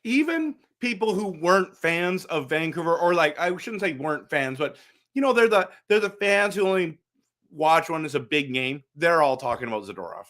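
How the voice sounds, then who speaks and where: A middle-aged man with a slightly raised voice talks through a casual fan vlog. He is animated and chatty, speaks directly to his viewers, and often repeats himself or restarts a phrase. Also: a little high, moderate pace. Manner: frequent repetitions and restarts. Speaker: hockey fan channel host.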